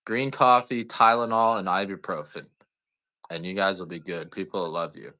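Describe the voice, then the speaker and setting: A man's voice: low-pitched, steady tone, fairly quick, pushed and bright. A man chatting casually while selling coffee on a live stream, rambling, joking and swearing now and then. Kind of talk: casual live-sale chat.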